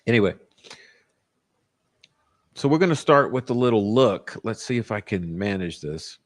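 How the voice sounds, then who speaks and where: A man's voice: fairly low pitch, lively intonation, normal speed. Ranting, profane male livestream host. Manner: combative, profane ranting with many restarts. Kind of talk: casual livestream commentary.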